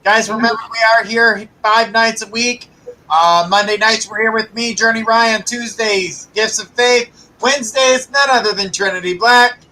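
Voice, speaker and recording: A man with a high, bright voice hosts a live psychic stream. He calls viewers by name and moves the show along in an upbeat way. His tone stays casual. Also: steady tone, normal speed, a little hiss or hum, rough recording. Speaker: psychic host.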